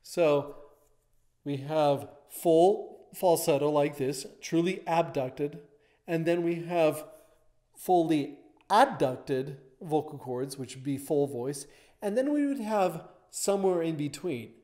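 Mellow-voiced male voice teacher. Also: a little high, lively intonation, slow. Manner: explains step by step, pointing to a diagram. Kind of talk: vocal lesson explanation.

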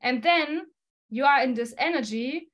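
Woman guest, slightly high voice, non-native English, forceful and blunt, laughs a lot. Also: unhurried. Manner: emphatic, laughs often, blunt swearing. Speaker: guest musician. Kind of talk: podcast interview answer.

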